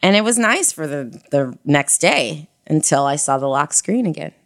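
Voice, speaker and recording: A woman frankly telling a personal story in casual conversation, animated and full of slang. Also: deep voice, normal speed.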